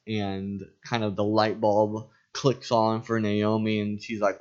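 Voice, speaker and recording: A low-voiced man talks through scripture in a loose, rambling way, full of "um"s and restarts. The recording is dull and lo-fi, and it sounds like a relaxed chat between co-hosts. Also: slow, few pauses. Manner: rambling, with many fillers and restarts. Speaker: podcast co-host. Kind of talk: casual Bible study chat.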